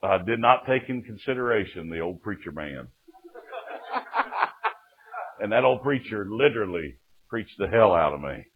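A man preaches his own testimony. He tells it folksy and down-home, swinging between quiet and loud. The recording sounds dull and lo-fi. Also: lowish voice, expressive, moderate pace, pauses often. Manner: folksy storytelling with acted-out quotes and sudden jumps in loudness. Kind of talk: testimony sermon.

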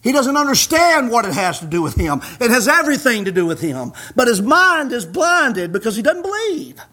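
A male pastor preaching a fiery sermon, emphatic and scolding, rising to shouts. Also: very high-pitched, big pitch swings, moderate pace.

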